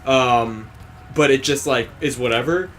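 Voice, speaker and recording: A man of medium pitch talks a little slowly, with slight hiss or hum on the recording. As a let's play co-host in casual gaming chat, he retells an anime episode profanely and animatedly, acting out each character's quotes.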